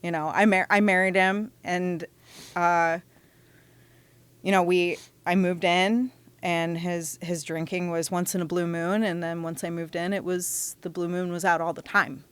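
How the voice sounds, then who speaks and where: Frank woman telling her story, low-toned. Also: smooth. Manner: animated, frank, quick asides and restarts. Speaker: podcast guest. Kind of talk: candid storytelling in conversation.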